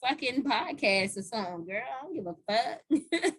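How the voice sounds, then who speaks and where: Bright, animated woman podcast host. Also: a little high, takes it slowly, breathy edge. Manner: blunt, profane, animated. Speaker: parent. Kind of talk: casual chat.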